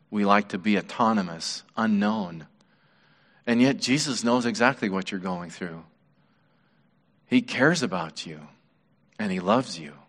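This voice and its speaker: A man preaching a sermon as pastor, earnest and measured, his voice dropping softly on key words. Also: fairly low pitch. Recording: long reverb of a large hall.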